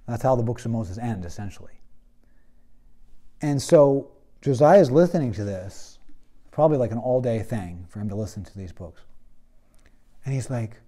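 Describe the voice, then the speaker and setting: A man's voice: mid-range voice, expressive, normal speed, long pauses, mellow. A man teaching a Bible history class in a casual, storytelling way with many fillers. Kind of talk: classroom lecture.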